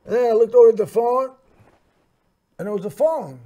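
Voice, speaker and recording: A man's voice: extremely high pitch, fairly quick, pauses often, mellow. A man hosting a show, telling a personal story in a rambling way, full of fillers and restarts. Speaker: host.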